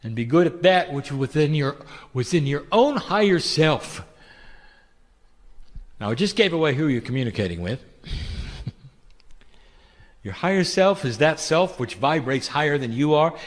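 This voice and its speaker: A man delivers a channeled spiritual talk, his fairly high voice rising and falling in lively swoops. He speaks in a gentle, intimate, preacherly way and keeps asking the listener questions. A long hall reverb trails after his words. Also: unhurried, long pauses.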